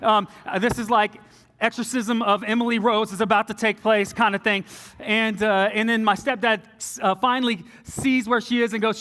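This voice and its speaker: Young guy telling a story at church, high voice, lots of hall reverb. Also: moderate pace. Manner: animated storytelling, often drops low and soft for quoted lines. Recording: long reverb of a large hall.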